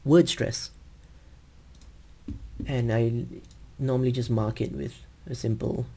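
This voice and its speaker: A man teaching English over a video call, explaining patiently and slowly with frequent ums. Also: medium pitch, fairly even intonation, vocal fry, warm tone, a little hiss or hum. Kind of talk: screen-share teaching demo.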